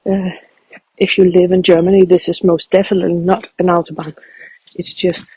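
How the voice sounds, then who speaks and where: A man speaking softly and reflectively as he guides a walking meditation outdoors in a field. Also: sits high, normal speed, breathy edge, no echo, rough recording. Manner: calm, reflective, soft-spoken.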